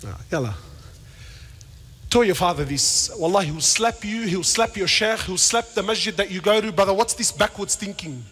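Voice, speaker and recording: A man preaches with fervour in a very high, bright, forceful voice, jumping from shouted appeals to quiet asides and acting out the people in his stories. His lecture rings through a large hall with a long echo. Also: expressive, moderate pace, slightly rough. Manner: swings between shouted appeals and low asides; acts out dialogue in storytelling. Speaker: Islamic preacher. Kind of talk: passionate religious lecture. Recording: reverberant hall.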